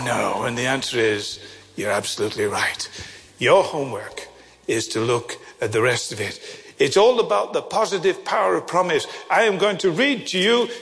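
An older man preaching a sermon, telling stories with lively acted-out voices. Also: on the high side, in a large hall. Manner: animated storyteller, acts out voices.

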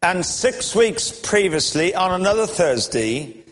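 A man's voice: high voice, very animated, unhurried, a bit bright, in a large hall. A male preacher delivering a sermon in a storytelling manner, with wry chuckles.

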